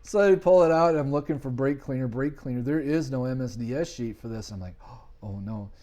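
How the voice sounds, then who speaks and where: Man telling a lively shop story. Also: medium pitch, brisk. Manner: animated storyteller, acts out quoted voices. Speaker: podcast guest, business owner. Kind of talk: casual storytelling chat.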